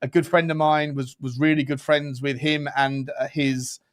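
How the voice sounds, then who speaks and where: A man's voice: fairly high pitch, flat delivery, normal speed. A man co-hosting a casual football chat show, telling rambling, chatty stories. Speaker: co-host.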